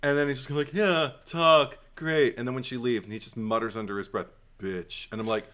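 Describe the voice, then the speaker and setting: A man's voice: on the low side, very fast. A man co-hosting a podcast, chatting casually about a horror movie, laughing often and acting out lines from it. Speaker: podcast co-host. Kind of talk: casual movie critique chat.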